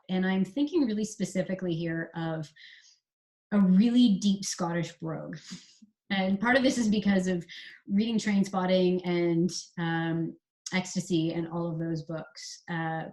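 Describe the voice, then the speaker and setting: A Canadian woman who writes screenplays, chatting through writing advice in a relaxed interview and spelling out examples. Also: medium pitch. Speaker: screenwriter guest. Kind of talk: casual explanatory interview talk.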